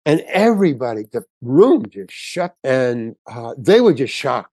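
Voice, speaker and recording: On an interview show, an older guest actor spins a long anecdote and performs the voices of the people in it with animated flair. He speaks at a measured pace in a medium pitch, with no room sound.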